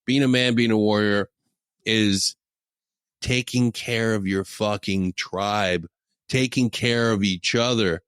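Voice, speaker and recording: A man's voice: lowish voice, steady tone, slow pace, a bit bright, smooth, dry recording. A man hosting a podcast who tells blunt, profane stories in casual talk. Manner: blunt, heavy swearing, storytelling. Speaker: podcast host.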